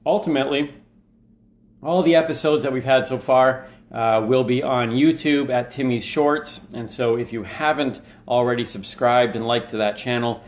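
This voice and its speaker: A man hosts a live comedy stream from his living room. He talks in a loose, rambling way, with lots of ums and dry jokes at his own expense, and his voice sits at an ordinary middle pitch. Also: moderate pace. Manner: rambling and self-mocking, many fillers. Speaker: podcast host. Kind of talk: casual live-stream monologue. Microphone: webcam in his living room.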